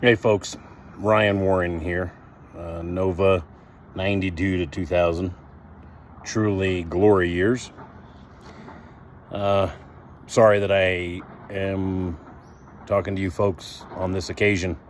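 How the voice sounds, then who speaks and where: Halting low-voiced man reading a tribute. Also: little pitch movement, slight background noise. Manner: halting, reading from notes with many ums and uhs. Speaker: former rugby player. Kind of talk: recorded memorial tribute read from notes.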